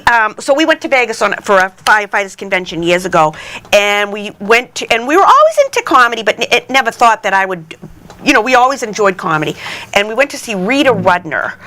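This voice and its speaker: A woman's voice: medium pitch, pushed and bright. A middle-aged woman comedian with a Boston accent, telling stories in a brash, laughing way on a live podcast. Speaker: guest comedian.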